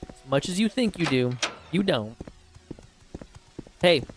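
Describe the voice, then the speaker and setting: A man's voice: on the high side, animated, slow, noisy background. A young man hosting a casual let's play, chatty and teasing, reading game dialogue aloud as he plays. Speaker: gaming host. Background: faint game music.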